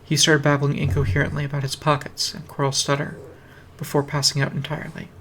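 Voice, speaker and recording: A man's voice: fairly high pitch, monotone, quick pace, a bit bright, slight background noise. A man reading a fantasy fan story aloud on a stream, with a dry, wry delivery. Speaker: reader. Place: home streaming setup. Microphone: streaming mic.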